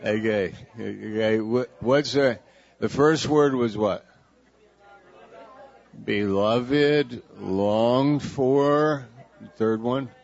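A man, a pastor leading a sermon, who slowly and playfully coaxes the congregation to repeat words after him. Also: medium pitch, creaky, a little mellow. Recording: dull lo-fi church recording.

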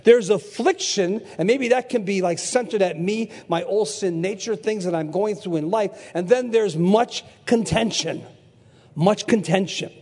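A man in his sixties preaching a sermon, telling stories in an animated way and shouting for emphasis, with a husky voice. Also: high-pitched, a little slow. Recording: echoey hall.

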